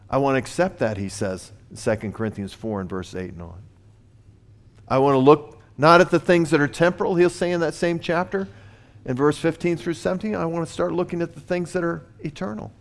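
A man's voice: a little high, fairly quick. A man preaching a sermon, earnest in tone, building in force on his key points. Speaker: pastor.

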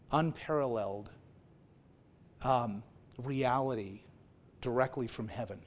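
A man's voice: medium pitch, slight background noise. A man preaching a sermon to his congregation in a conversational way, asking them questions as he goes. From Anglican family background. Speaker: minister.

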